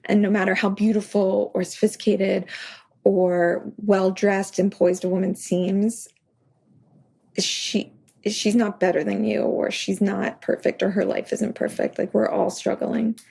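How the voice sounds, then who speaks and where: Woman, podcast guest author, chatty and anecdotal; gravelly, husky voice. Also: medium pitch, level tone, a little slow, a little mellow. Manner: chatty, full of "like", acts out her own anecdotes. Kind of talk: casual podcast interview.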